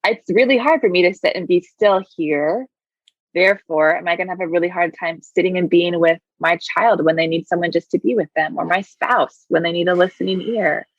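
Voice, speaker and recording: A woman's voice: lowish voice, brisk, no echo, highs cut off. A woman guest who teaches yoga, talking reflectively in an interview and often saying "like". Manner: reflective, thoughtful, says "like" a lot. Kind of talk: conversational interview.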